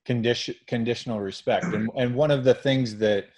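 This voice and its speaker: A man's voice: medium pitch, fairly quick, darkish tone. A man hosting a podcast interview, talking earnestly and emphatically and restarting his phrases. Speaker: podcast host. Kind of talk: conversational interview.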